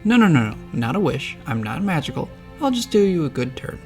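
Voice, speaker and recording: A man's voice: a little high, big pitch swings, brisk, a little mellow, soft background music, pitched above the performer's own voice. A man voicing a sarcastic, impatient female bluebird in a narrated storybook, talking in a curt, exasperated way.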